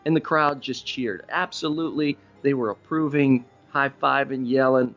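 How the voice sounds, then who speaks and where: A man's voice: medium pitch, moderate pace, dull audio, soft background music. Conversational male preacher telling stories. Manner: conversational storytelling preacher, animated rises for emphasis. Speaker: pastor. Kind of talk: sermon.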